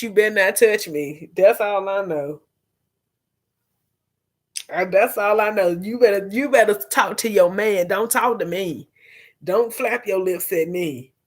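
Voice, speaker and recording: Sex: woman. Role: vlog host. Style: casual gossip commentary. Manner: animated, profane, laughing, mid-pitched. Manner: animated, profane, laughing, talks to viewers as y'all.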